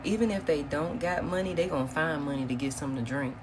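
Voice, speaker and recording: A woman's voice: sits low, quick pace, background noise. A woman doing a casual live-stream tarot reading, chatty and repetitive, often calling her viewers y'all. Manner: casual, chatty, repeats herself, says y'all, laughs often. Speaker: tarot reader.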